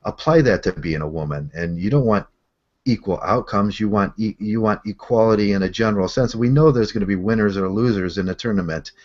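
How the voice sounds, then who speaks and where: A man with a low, deep voice hosts a loose group conversation over an online call, wandering through his points with plenty of "uh"s and restarts. The sound is a bit muffled and dull. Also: brisk, a little mellow. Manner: rambling, many fillers and restarts. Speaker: show host. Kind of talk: casual chat. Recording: slightly muffled call audio.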